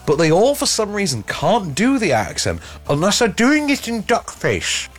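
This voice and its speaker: An English man hosts a film review podcast in loose, sarcastic chat, often stopping and restarting his sentences. His voice is a little husky and sits slightly high for a man. His pitch swings widely as he talks. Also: wildly swooping pitch, normal speed. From England. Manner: sarcastic, rambling with many restarts. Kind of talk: casual chat.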